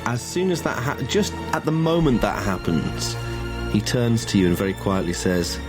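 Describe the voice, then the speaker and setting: A very deep-voiced man runs a tabletop horror game. He is measured and deliberate, and he drags his words out at tense moments while music plays underneath. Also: sing-song. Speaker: game master. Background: background music.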